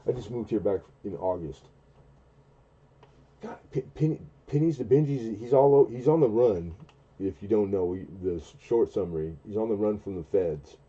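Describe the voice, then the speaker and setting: A man's voice: slightly rough, dull audio. A man in his forties telling a long, rambling story on a casual late-night stream, often stopping and restarting mid-sentence. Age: 40s. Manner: rambling, halting, with many restarts and fillers; acts out quoted dialogue in a much higher, louder voice. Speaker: livestream host.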